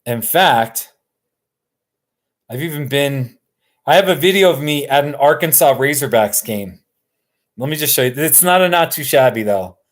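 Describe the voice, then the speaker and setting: A man hosting a live stream from his couch, chatting casually in a relaxed, rambling way and chuckling often. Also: medium pitch, moderate pace, pauses often. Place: sitting on a couch at home.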